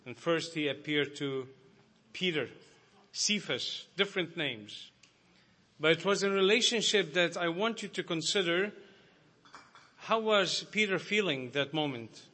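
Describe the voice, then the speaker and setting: High, bright-voiced man preaching. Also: unhurried. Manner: earnest, rising to emphatic preaching. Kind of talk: sermon.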